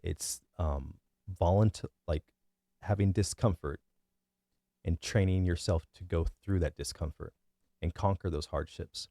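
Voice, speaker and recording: Deep gravelly guy in his 30s, dark voice, dry close sound, just rambling his opinions with lots of likes and ums. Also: measured pace, no room sound. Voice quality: deep bass voice. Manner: rambling, many fillers and restarts. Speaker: vlogger. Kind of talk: casual opinion monologue.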